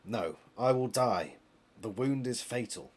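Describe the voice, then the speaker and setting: British man doing a slow dying alien. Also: mid-range voice, animated, husky. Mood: grave. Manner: slow, measured speech. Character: dying wounded male alien, calm and grave.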